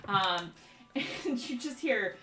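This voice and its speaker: A woman's voice: medium pitch, expressive, slow pace, noisy background. A woman narrating a tabletop game as dungeon master, rambling with lots of fillers. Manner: rambling, filler-heavy description. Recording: echoey room, mic at a distance.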